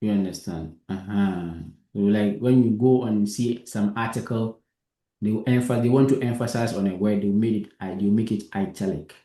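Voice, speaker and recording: A man runs a hands-on coding lesson, patiently explaining and asking again and again whether it is understood. His voice sits low and mellow. The room around him adds a noticeable echo. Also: fairly even intonation, normal speed. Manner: patient, repeats himself and checks understanding. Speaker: coding teacher.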